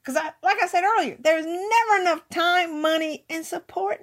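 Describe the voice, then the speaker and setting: A woman's voice: extremely high pitch, normal speed, few pauses, a bit bright. A woman giving an emphatic motivational talk, hammering points home with repeated words. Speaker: motivational speaker.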